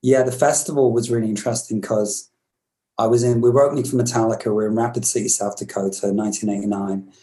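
A British man in his fifties with a low, mellow voice recounts stories as an interview guest. He rambles and restarts, reflective rather than polished. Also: fairly even intonation, fast talker, rough recording. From Britain. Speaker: musician guest. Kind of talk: storytelling interview.

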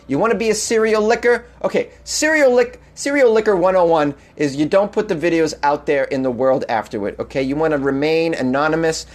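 A man hosts a comedy news podcast, reading strange headlines and cutting in with incredulous, mocking remarks. His voice sits a little high for a man. He laughs often as he riffs. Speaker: podcast host.

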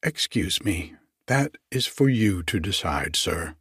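Guy reading a prim young office clerk, stiff and polite, quiet husky low voice, slow. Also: expressive, no room sound, studio quality, heavily acted. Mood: guarded.

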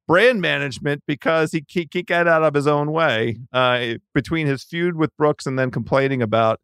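Rambling man, slightly high voice. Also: normal speed, a bit bright, clear, resonant tone, no room sound, clean studio sound. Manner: rambling, many restarts mid-sentence. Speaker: podcast guest. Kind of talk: casual sports chat. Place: Washington DC.

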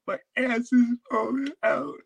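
Shrill, panicked woman in labor, played by a man who yells in a high, strained voice. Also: fairly even intonation, takes it slowly, vocal fry, slight background noise, full character voice. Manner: high screeching, shouting.

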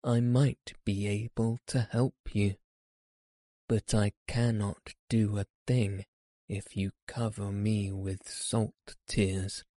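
A man's voice: fairly low pitch, little pitch movement, slow pace, dark tone, dry recording. A man doing a fussy, fretting storybook frog. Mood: urging. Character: fussy talkative male frog.

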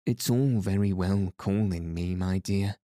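A man's voice: low-pitched, a little slow, dark tone, no room sound, clean studio sound. A man voicing a foppish aristocratic husband with a sleepy, affected drawl, in a storybook reading.

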